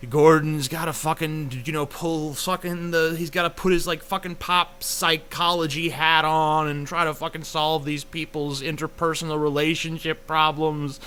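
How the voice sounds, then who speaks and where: A man's voice: on the high side, flat delivery, moderate pace, few pauses, bright, forceful tone, clear, resonant tone. A young man ranting casually in a video review, profane, rambling and sarcastic, full of fillers. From United States.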